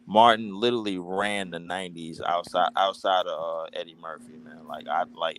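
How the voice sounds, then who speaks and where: A man's voice: sits low, fairly bright tone, slight background noise, poor audio. A man co-hosting a casual podcast, talking in a laid-back, slangy way and tagging lines with "bruh" and "man". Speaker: podcast co-host. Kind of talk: casual sports podcast chat.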